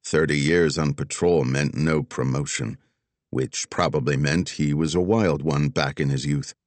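A man narrating an audiobook thriller in a steady, descriptive way. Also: extremely low pitch, unhurried, dry recording. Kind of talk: scripted narration.

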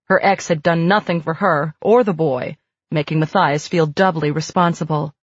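Low-voiced woman narrating an audiobook. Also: fairly even intonation, moderate pace, breathy edge, no echo. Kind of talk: scripted narration. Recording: dry, slightly muffled lo-fi recording.

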